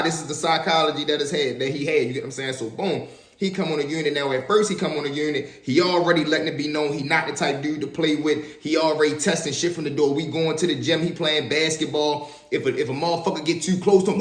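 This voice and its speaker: A man in his twenties tells his stories in a slangy, animated way, often stopping to check in with his listeners. His voice sits a little high for a man. An echoey room surrounds it. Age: 20s. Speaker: storyteller. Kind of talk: casual storytelling vlog.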